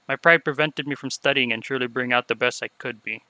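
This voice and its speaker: A man's voice: mid-range voice, steady tone, brisk, no room sound, low-quality recording. A man reading as a remorseful young unicorn mare. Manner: soft, subdued confessional reading. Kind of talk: reading game dialogue aloud.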